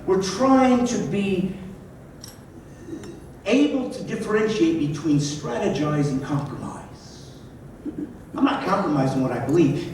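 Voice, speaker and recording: A man's voice: sits high, darkish tone. A man, a comedian, giving a punchy stand-up speech at a banquet with sarcastic asides. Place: large banquet hall. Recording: distant, echoey hall with crowd. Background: audience laughter and room noise.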